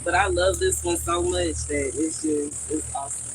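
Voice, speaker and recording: A woman's voice: fairly low pitch, fairly even intonation, normal speed, a little hiss or hum, low-quality recording. A woman with a Southern accent chatting casually and thinking aloud to viewers on a livestream from her garden. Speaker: livestream host. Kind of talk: casual live chat with viewers. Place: outdoors in a garden.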